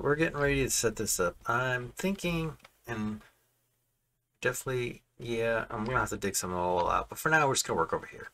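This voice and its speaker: A man's voice: mid-range voice, a bit bright. A man chatting casually while building in a game, rambling and correcting himself as he goes. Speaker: Minecraft building creator. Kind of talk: casual gameplay commentary. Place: home room.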